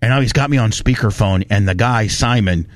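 A man's voice: on the low side, a little fast, no echo. A ranting man hosting a radio show. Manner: animated storytelling, ranting, profane. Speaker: radio talk show host. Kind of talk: casual studio chat. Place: radio studio.

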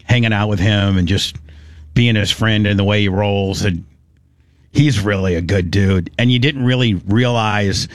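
Dry-voiced radio host, rambling sports chat. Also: male voice, lowish voice, unhurried, dry recording. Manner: rambling, frequent restarts. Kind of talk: casual sports talk.

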